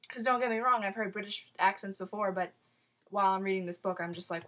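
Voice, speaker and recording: A woman's voice: medium pitch, fairly even intonation, fast, sharp tone. A woman gushing about a novel in a casual review to camera, talking freely with many fillers and restarts. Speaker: book reviewer.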